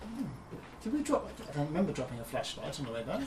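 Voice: medium pitch, sing-song, fast talker. A player talking casually in a tabletop game, chatty and laughing, often repeating phrases. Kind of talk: casual in-character play. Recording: echoey room, distant mic, noisy.

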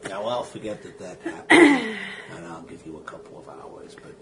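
A man playing a scarred, coldly polite thug who speaks slowly and threatens quietly. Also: fairly low pitch, wildly swooping pitch. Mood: menacing. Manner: slow, mock-courteous, quietly threatening. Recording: noisy background.

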